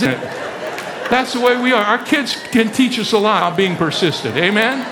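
A man preaching a sermon as pastor, animated and fond of rhetorical questions. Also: high-pitched, a little fast, crowd noise, noisy background.

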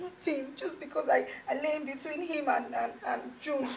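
A woman's voice: sits high, normal speed, creaky. A woman playing a jilted young ex-girlfriend, scheming and melodramatic, who stammers as she talks. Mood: tearful. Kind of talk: amateur drama acting.

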